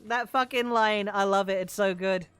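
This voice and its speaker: A woman's voice: medium pitch, fairly even intonation, moderate pace, very noisy. A woman streamer chatting casually while she plays a game, rambling and swearing freely with lots of fillers, in a voice she calls androgynous. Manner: rambling and profane, with many fillers.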